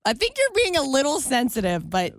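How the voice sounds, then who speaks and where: A woman co-hosting a talk show, telling a story in casual chat and jumping into higher voices when she quotes people. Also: brisk, no room sound. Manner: animated, jumps high when quoting people. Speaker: radio show co-host.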